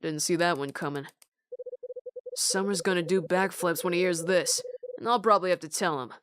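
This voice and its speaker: A woman voicing a blunt, weary male detective in a terse, lowered voice while reading a game aloud. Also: moderate pace, no echo, natural voice. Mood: stunned.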